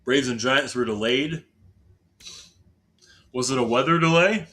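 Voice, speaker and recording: Streaming a baseball game, this southern Indiana man keeps up casual, talkative commentary for his viewers, often poking fun at himself. His mid-range voice is unhurried, with a pushed, bright quality.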